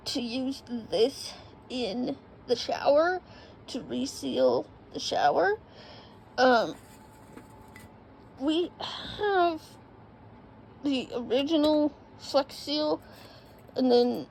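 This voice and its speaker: A woman chatting casually to camera in an RV, high and gravelly in tone. She talks slowly and drifts from thought to thought, filling gaps with ums. Faint background noise sits under the camera mic. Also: rough recording. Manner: rambling, lots of ums and trailing thoughts. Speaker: vlogger. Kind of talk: casual vlog chat. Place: indoors in an RV.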